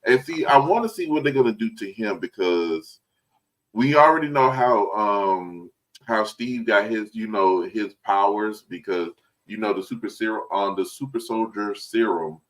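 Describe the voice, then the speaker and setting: A man with a fairly low voice chats casually about comics and films. He talks in a hesitant, halting way, restarting sentences and hunting for words. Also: poor audio. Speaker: podcast co-host.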